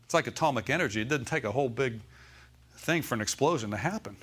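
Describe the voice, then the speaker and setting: A U.S. pastor with a mid-range, slightly rough, somewhat bright voice talks fast and animatedly through his sermon. In the church sanctuary he repeats key phrases with force and asks the congregation if they follow.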